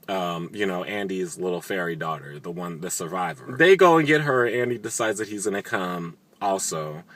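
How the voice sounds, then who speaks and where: A man's voice: lowish voice, pushed and bright, no echo. Sarcastic, profane man recapping TV. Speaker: video recap host. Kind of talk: casual TV recap.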